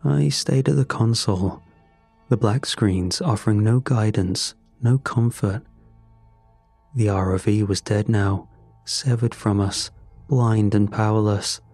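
Slow, deep-voiced man narrating a grim tale. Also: a little mellow, slightly rough, dry recording, faint music behind. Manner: measured, grim storytelling. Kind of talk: scripted first-person horror narration.

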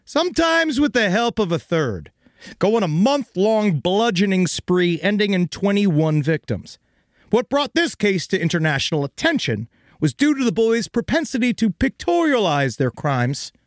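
A man's voice: high-pitched, very animated, normal speed, dry recording, studio quality. A man hosting a comedic true crime podcast, narrating theatrically and laughing often.

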